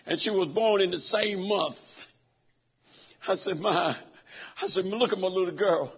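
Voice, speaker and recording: Emotional high-voiced male preacher. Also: unhurried, long pauses, husky. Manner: emotional storytelling, swings from hushed to shouting. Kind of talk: sermon. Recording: dull lo-fi recording.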